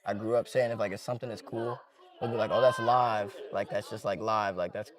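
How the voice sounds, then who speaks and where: A man's voice: on the low side, fast talker, distant mic, a loud crowd. A young man, chatting casually and filling his talk with "like" and laughs. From Cincinnati, Ohio. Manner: relaxed, laughing, lots of "like" fillers. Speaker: interviewee. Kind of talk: casual chat.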